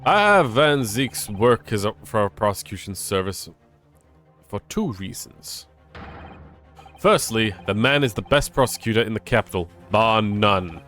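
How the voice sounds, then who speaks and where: A man reading the lines of a stern, formal older male lord in a game, measured and authoritative. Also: lowish voice, lively intonation, a bit bright, faint music behind.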